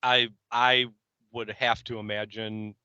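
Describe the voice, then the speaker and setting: Deadpan male podcast co-host, lowish voice, dry close mic. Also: slow pace, smooth, dry recording, muffled recording. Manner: wry, deadpan, mock-formal phrasing. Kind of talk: casual chat.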